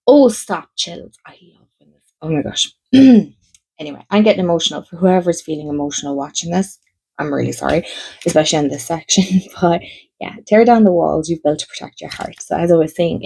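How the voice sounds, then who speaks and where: A woman who reviews oracle decks, chatting to her viewers in a gentle, soothing, chatty way. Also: lowish voice, gravelly, breathy edge, rough recording. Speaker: tarot and oracle deck reviewer. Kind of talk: casual chat to camera.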